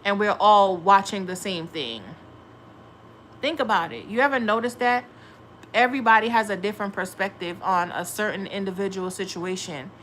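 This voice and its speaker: A woman's voice: mid-range voice, normal speed, a bit bright, a little hiss or hum. A young woman hosting a tarot livestream, chatting casually and bluntly with viewers, cursing freely. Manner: blunt, profane, talks back to chat.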